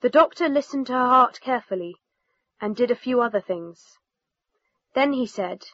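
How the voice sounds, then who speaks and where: A woman narrating a textbook story in a clear, steady reading voice. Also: mid-range voice, normal speed, dry recording. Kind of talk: scripted narration. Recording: dull lo-fi recording.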